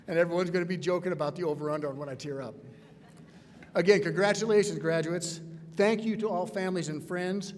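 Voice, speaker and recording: Guy giving a commencement speech, kinda high voice, big echoey hall, emphatic, keeps repeating his line. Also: moderate pace. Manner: emphatic, repetitive refrains. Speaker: commencement speaker. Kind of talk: ceremonial speech. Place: large hall. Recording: reverberant hall, faint background noise.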